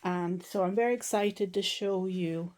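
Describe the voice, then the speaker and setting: A woman's voice: mid-range voice, fairly even intonation, unhurried, darkish tone. A woman hosting a knitting podcast, chatting casually as she shows and lists her yarns. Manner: chatty, listing items with small laughs. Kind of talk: casual show-and-tell vlog.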